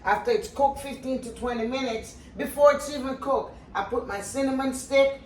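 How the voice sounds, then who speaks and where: An older woman hosts a home cooking video, speaking earnestly and directly to viewers in a casual way. Her voice is high and darkish at a normal speed, recorded in an echoey room a little distant from the mic, with slight background noise.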